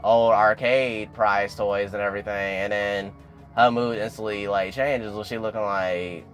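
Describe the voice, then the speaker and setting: A man's voice: on the low side, steady tone, measured pace, fairly bright tone. Man, chatty TV recap, casual fillers, faint background music. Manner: chatty, peppered with "like" and "and everything". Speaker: TV recap vlogger.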